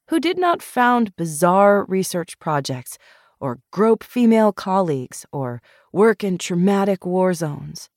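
A woman narrating an audiobook in a measured, expressive way. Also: lowish voice, no room sound, studio quality.

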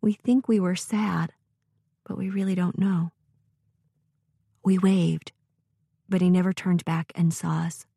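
Mellow, low-voiced woman narrating a story. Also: steady tone, gravelly, breathy edge, no room sound, clean studio sound. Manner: gentle, measured storytelling.

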